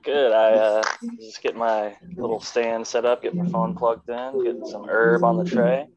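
A man's voice: medium pitch, level tone, moderate pace, crowd noise. Easygoing man on dull lo-fi audio. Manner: easygoing, swears casually. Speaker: guest. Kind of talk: casual chat.

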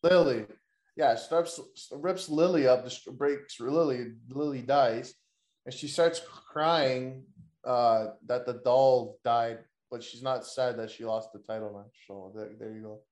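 A man's voice: medium pitch, measured pace, a little mellow, echoey room. A man hosting a wrestling podcast, talking loosely with jokes and plenty of swearing. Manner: loose, joking, profane banter. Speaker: podcast host. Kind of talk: casual wrestling podcast chat.

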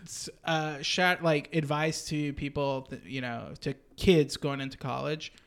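A man's voice: on the high side, steady tone, unhurried, creaky, fairly bright tone, clear, resonant tone. A young man co-hosting a casual chat, laughing often and egging his friend on. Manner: laughs often, eggs the other on. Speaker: podcast co-host.

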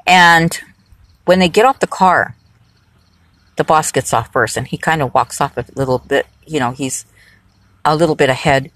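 A woman's voice: low voice, normal speed, long pauses, fairly bright tone, no room sound. A woman working as a rideshare driver, telling a casual, rambling anecdote full of digressions. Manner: chatty, digressive storytelling.

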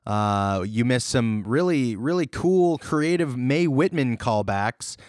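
A man co-hosting a podcast in casual chat, jokey and animated, laughing often. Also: medium pitch, slow pace, dry recording, studio quality. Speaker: podcast co-host.

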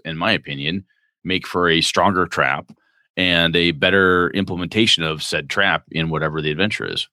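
A man's voice: sits low, sharp tone, no room sound, studio quality. A man co-hosting a podcast, chatting casually and rambling about role-playing games as he thinks aloud. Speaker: podcast co-host.

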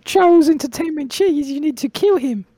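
A man voicing a high, chirpy cricket who gives the group orders over a call. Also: normal speed, warm tone, dry recording. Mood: bossy.

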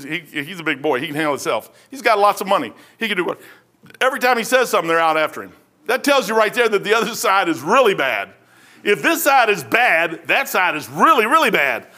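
A man's voice: high-pitched, big pitch swings, fairly quick, sharp tone. A man preaching a sermon as pastor, in a folksy, conversational way full of slang and asides.

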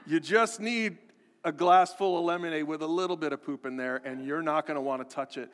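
A man's voice: fairly high pitch, brisk. Earnest male pastor in a reverberant hall. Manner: earnest, repetitive, building emphasis. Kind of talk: sermon.

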